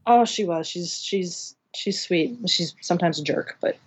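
A woman with a low-leaning, unhurried, slightly rough voice is interviewed about audiobook engineering. The talk is a casual interview chat, and she rambles chattily with many restarts.

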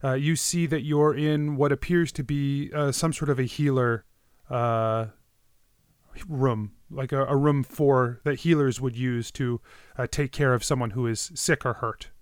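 A man's voice: medium pitch, fairly even intonation, a little slow, clear, resonant tone, dry recording, clean studio sound. A man running a tabletop game as game master, narrating scenes and voicing side characters, with frequent fillers.

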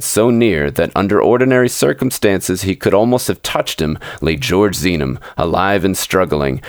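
A man with a very deep voice reads a classic short story for his podcast. His narration is measured and steady. The sound is close and dry, with no room around it. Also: dry recording. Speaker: podcast host and story reader.

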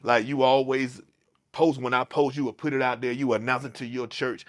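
A man of average pitch telling a personal story as a podcast guest. He talks in a lively, looping way, restarting and repeating phrases, with African American Vernacular English grammar. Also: normal speed. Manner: animated, repeats himself, restarts sentences. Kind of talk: casual storytelling conversation.

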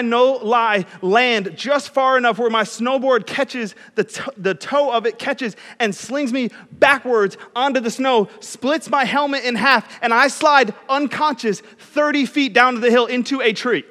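A man's voice: very high voice, sharp tone, big-room sound. A young man preaching as a youth pastor, chatty and self-deprecating, telling stories. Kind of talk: sermon.

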